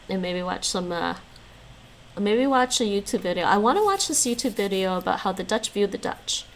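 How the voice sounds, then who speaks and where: A woman streaming from home talks through a relaxed session, reading her chat aloud and replying with easy laughter. Her mid-pitched voice has a gravelly, fry-tinged texture. A faint hiss sits under the recording. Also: measured pace, long pauses, poor audio. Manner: chatty, answers viewers' chat aloud, laughs often. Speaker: livestreamer learning languages. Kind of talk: casual livestream chat.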